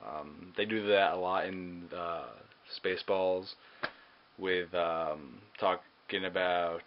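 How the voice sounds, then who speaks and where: A man's voice: low-pitched, fairly even intonation, slow. Hesitant man on a dull lo-fi recording. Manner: hesitant, many ums and uhs. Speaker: movie reviewer. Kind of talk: casual movie review. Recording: dull lo-fi recording with faint hiss.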